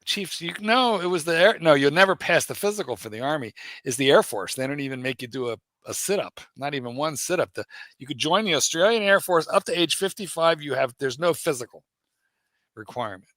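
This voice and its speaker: A man's voice: a little high, expressive, brisk, fairly bright tone, no room sound. A man hosting a livestream, teasing and bossing his co-host in casual banter.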